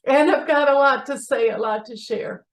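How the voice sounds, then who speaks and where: Woman on a video call, fairly high voice, rambling, hunting for words. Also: normal speed. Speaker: participant. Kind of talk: personal share.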